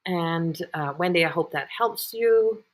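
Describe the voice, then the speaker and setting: A woman's voice: fairly low pitch, a little slow. Rambling woman giving readings. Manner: rambling and repetitive, many fillers and restarts. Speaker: intuitive reader hosting live readings. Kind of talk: live-streamed psychic reading.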